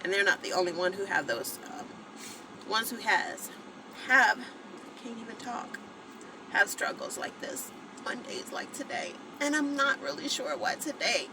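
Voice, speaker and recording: A woman's voice: on the high side, measured pace, noisy background. A woman in her forties hosting a live vlog broadcast, talking to her viewers in a heartfelt, rambling way. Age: 40s. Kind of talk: emotional live-stream chat with viewers.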